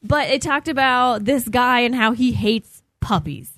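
A woman's voice: a little high, lively intonation, unhurried, a bit bright, dry recording. A woman co-hosting a casual radio talk show, speaking bluntly and swearing when annoyed.

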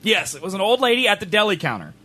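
A young man hosting a livestream, chatting casually and joking with loud laughs at a home streaming setup. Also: high-pitched, very animated, quick pace. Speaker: livestream host.

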